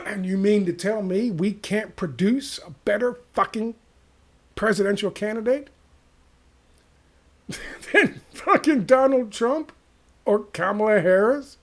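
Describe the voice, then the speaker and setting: A man delivering a profane, exasperated, sarcastic rant as a vlogger, with a gravelly voice. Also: high-pitched. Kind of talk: ranting monologue to camera.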